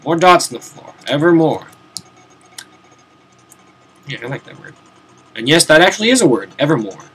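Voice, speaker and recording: A man's voice: fairly high pitch, sing-song, moderate pace, a bit bright, slightly rough. Rambling young man streaming a game. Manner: rambling, self-mocking, swears casually, mutters to himself. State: tired, yawning. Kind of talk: casual let's-play commentary. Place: home room, seated at a desk.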